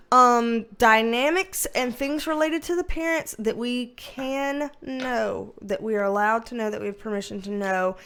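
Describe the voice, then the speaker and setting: A woman's voice: on the high side, a bit bright. A woman giving a casual tarot reading on video, chatty and emotional, rambling with many fillers. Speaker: tarot reader.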